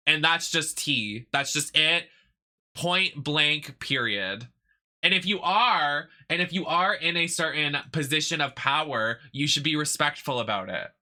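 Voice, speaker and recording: Sassy, bright-voiced young male streamer. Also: fairly high pitch. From United States. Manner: sassy, emphatic, ranting. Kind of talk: casual chat while gaming.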